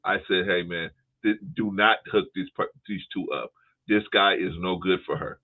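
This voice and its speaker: A man's voice: sits low, steady tone, normal speed. A man co-hosting a podcast, laughing often and rambling through anecdotes in casual chat. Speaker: podcast co-host. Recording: tinny phone-like line.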